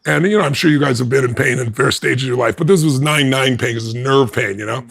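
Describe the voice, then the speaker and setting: A man as an interview guest, telling a personal story in an animated way and acting out the quoted dialogue with big swings in pitch. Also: fast talker, vocal fry, breathy edge.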